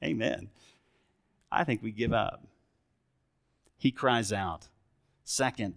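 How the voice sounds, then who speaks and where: A middle-aged man preaches in a church with a medium-pitched voice. He talks to his congregation as if chatting, firing questions at them. He lifts into lively emphasis, then drops to a quiet, reflective tone. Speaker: pastor. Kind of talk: sermon.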